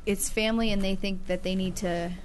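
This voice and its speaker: A friendly woman co-host chatting casually, encouraging viewers and teasing her partner. Her voice sits at an ordinary middle pitch, with a faint hiss behind it. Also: fairly even intonation, a little fast. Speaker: web show co-host. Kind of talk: casual chat.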